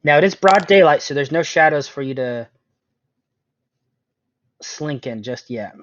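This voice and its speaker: A man's voice: on the high side, lively intonation, unhurried. A man narrating as game master of a tabletop game, in a chatty way with frequent ums and laughs. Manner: chatty, laughs often, fills with um. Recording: dull lo-fi sound, dry room.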